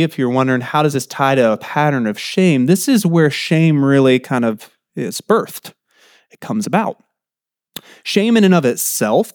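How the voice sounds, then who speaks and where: A middle-aged man with a slightly high voice preaches a sermon conversationally, frequently posing questions to his listeners. The recording is dry and of studio quality.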